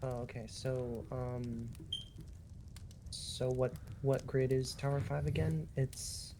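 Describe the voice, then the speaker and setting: A man speaks with a slow, hesitant pace, feeling his way through answers as a trainee. His voice sits in a middle pitch, and faint background noise hums behind him. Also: steady tone, vocal fry, warm tone.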